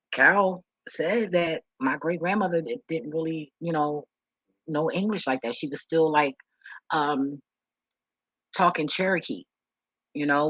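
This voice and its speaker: Woman vlogging her life story, blunt and sweary, bright forceful tone, dry close sound. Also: low voice, breathy edge, no echo, highs cut off. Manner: frank, profane, repeats words when emotional. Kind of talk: candid personal storytelling to camera.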